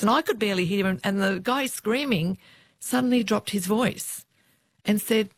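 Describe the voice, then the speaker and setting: A middle-aged Australian woman recounts her years on the police beat, acting out the voices of the people she met. Her voice sits at an ordinary pitch for a woman, and the recording is dry and close. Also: moderate pace, dry recording. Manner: lively anecdotes, quoting others' voices. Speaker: former police officer, guest. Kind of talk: interview storytelling.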